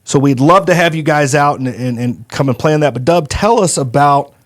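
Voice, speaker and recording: A man hosting a podcast, telling stories in a folksy, animated way. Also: a little high, normal speed. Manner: folksy, animated, acts out quoted voices. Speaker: podcast host. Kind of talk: casual storytelling chat.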